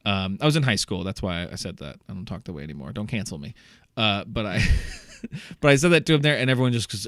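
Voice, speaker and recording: A young man co-hosting a podcast, telling a story in a lively way, acting out the voices of the people in it and laughing often. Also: lowish voice, quick pace, no echo, clean studio sound. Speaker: podcast co-host. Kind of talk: casual storytelling chat.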